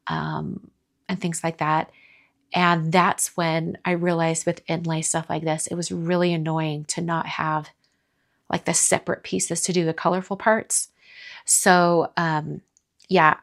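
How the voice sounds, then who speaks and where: Chatty woman hosting a craft stream. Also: fairly low pitch. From American South. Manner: chatty, reads viewer comments aloud and answers them. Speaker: card-making live stream host. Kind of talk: casual live-stream chat.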